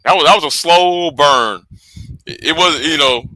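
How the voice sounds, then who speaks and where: A man hosting a casual livestream, rambling with repeated words, profanity and quiet trailing asides. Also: fairly high pitch, moderate pace, no echo. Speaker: livestream host.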